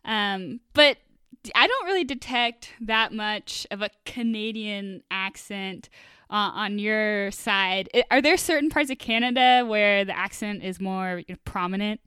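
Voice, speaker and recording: A woman's voice: medium pitch, a little slow, pushed and bright, clean tone, no echo, clean studio sound. A woman from Texas co-hosting a podcast, asking the guest curious, friendly questions. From Texas, United States. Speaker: podcast co-host. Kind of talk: casual interview conversation.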